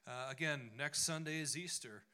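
A pastor wraps up the service with friendly, encouraging announcements. His voice is bright and forward, with the odd filler between thoughts. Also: on the high side, normal speed, smooth. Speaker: pastor giving closing announcements.

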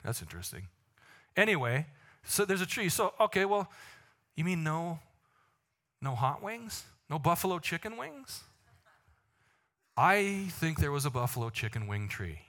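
A male pastor delivering a sermon with a bright, forceful tone and a voice pitched a bit high. He jokes with the congregation, then slows right down to stress a point. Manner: animated, joking asides, slows for emphasis.

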